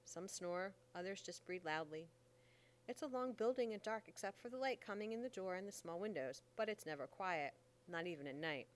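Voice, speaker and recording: A woman narrating an audiobook in the first person, with a steady storytelling style in folksy dialect. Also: on the low side, moderate pace.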